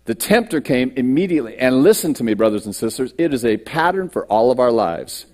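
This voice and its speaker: A man's voice: mid-range voice, very animated, brisk, a little mellow. A man pastor delivering a sermon at a church service, reading scripture and preaching with dramatic swings in his voice. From United States.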